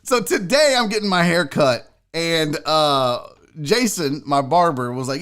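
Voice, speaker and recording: A man hosting a casual livestream, joking around, giving chat shout-outs and swearing freely. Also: on the high side, expressive, a little slow, smooth. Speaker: host.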